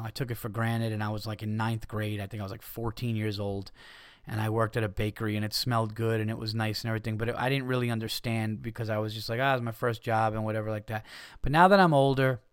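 A man's voice: mid-range voice, clean tone, dry recording, studio quality. A man hosting his own podcast, ranting in casual comedy style, swearing freely and acting out the people in his stories. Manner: profane, animated, acts out quoted people. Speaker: podcast host. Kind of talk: casual solo comedy rant.

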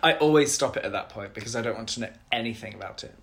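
A man co-hosting a casual podcast chat. He is playful and gossipy and giggles often. His tone is bright and sharp, at an ordinary pitch. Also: racing. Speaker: podcast co-host.

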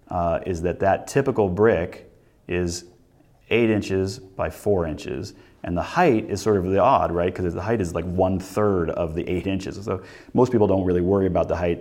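A man with a very low, deep voice walks through a lesson. He talks in a relaxed way, thinks aloud, and often stops to restart his sentences with fillers. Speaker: instructor. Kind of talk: recorded lecture walkthrough.

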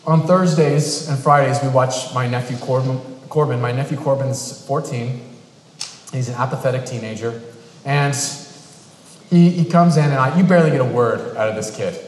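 A man's voice: mid-range voice, normal speed. Man preaching in an echoey hall. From New England. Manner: conversational preaching, storytelling with quoted voices. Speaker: pastor. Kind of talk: sermon. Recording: echoey hall with long reverb.

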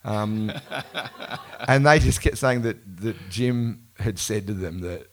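A man's voice: fairly low pitch, takes it slowly, a little hiss or hum. A man telling rambling stories in casual conversation, correcting himself often and laughing as he goes. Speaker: musician being interviewed. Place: bookshop event before a live audience. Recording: live event recording.

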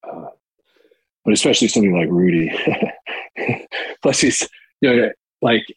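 A man's voice: on the low side, animated, moderate pace, husky, no room sound, rough recording. A man telling candid, rambling anecdotes in a casual interview, profane and full of fillers, on a close mic. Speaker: actor and guest.

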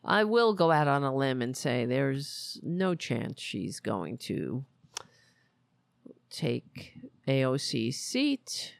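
A woman's voice: very deep voice, sing-song, takes it slowly, gravelly, no room sound. A woman hosting a political commentary podcast, talking in a sarcastic, mocking way. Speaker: podcast host.

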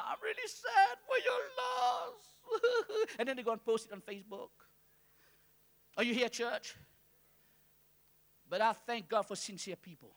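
A male pastor preaching a call-and-response sermon to a church congregation, swinging between soft asides and shouting. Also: very high-pitched.

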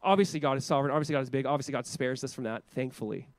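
A man preaching a sermon as pastor in an animated, conversational way full of casual asides. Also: medium pitch, very fast, no room sound.

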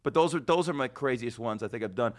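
A man hosting a podcast, telling rambling, foul-mouthed stories in casual chat, his voice slightly hoarse. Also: medium pitch, lively intonation, fast. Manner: rambling storyteller, swears freely, laughs often. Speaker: podcast host.

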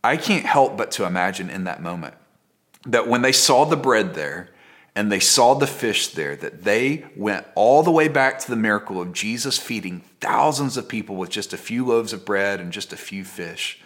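A man's voice: lowish voice, animated, normal speed. Storytelling male pastor preaching a sermon. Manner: storytelling, drops to a hush at key points; conversational and dramatic, with repeated phrases.

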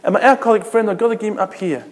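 A man's voice: sits high, racing. A man preaching a sermon emphatically, repeating phrases and asking rhetorical questions. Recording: long reverb of a large hall.

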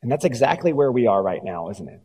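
A pastor preaching a sermon, telling the story and dropping low and quiet for emphasis. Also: male voice, sing-song, fast talker, husky, long reverb tail.

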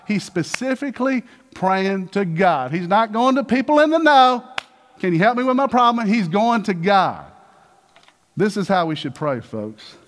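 Male pastor, energetic sermon delivery, high and swooping voice, acts out Bible voices. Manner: animated, calls out to the congregation, acts out voices of Bible figures.

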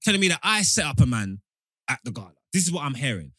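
Animated man, quick and emphatic. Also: mid-range voice, no room sound, studio quality. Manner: animated, emphatic, keeps repeating himself. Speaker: podcast co-host. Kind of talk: casual chat.

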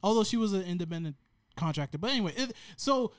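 A man's voice: high-pitched, expressive, fast talker, smooth, no echo, studio quality. A man with a New Jersey accent, chatting casually with friends as a podcast co-host, laughing often and telling rambling stories. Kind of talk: casual chat.

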